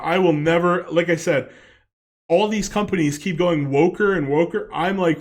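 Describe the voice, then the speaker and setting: A man's voice: fairly high pitch, normal speed. A man in his late twenties ranting in a reaction commentary, swearing a lot, rambling and laughing often.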